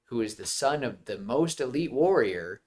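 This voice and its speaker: A man's voice: mid-range voice, moderate pace. A man co-hosting a podcast, chatting casually and rambling about a film, with frequent laughs and restarts. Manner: rambling, animated, laughs often. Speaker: podcast co-host. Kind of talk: casual movie chat.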